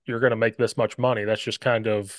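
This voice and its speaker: A man's voice: fairly low pitch, a little fast, dry recording, studio quality. A man hosting a podcast, telling stories and acting out what others said in casual football chat. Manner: animated storyteller, acts out quotes. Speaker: podcast host.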